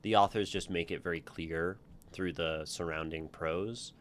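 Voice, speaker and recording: A man's voice: low voice, fairly even intonation, unhurried, a little hiss or hum. A man hosting a livestream, reading viewers' writing aloud and critiquing it in a rambling way full of ums and restarts.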